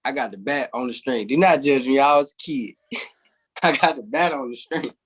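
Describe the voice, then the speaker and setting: A man guest telling lively stories in a casual, slangy way, often saying "bro". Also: mid-range voice, moderate pace. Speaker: interview guest. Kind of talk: casual storytelling.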